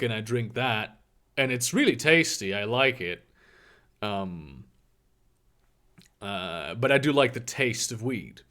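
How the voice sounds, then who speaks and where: A man's voice: medium pitch, fairly bright tone. Rambling male streamer reading chat. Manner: rambling, halting with many fillers, casual swearing. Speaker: live streamer answering chat. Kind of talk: casual livestream chat.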